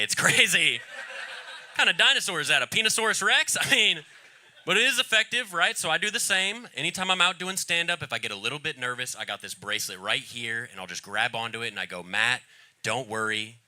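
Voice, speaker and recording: A man doing a stand-up set, delivering dark deadpan jokes and sliding his voice up and down for effect. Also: on the high side, brisk. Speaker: stand-up comedian. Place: comedy club stage.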